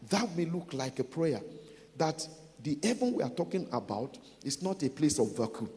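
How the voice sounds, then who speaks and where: A man preaching a sermon, building from calm teaching to loud, emphatic declarations. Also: on the high side, big-room sound.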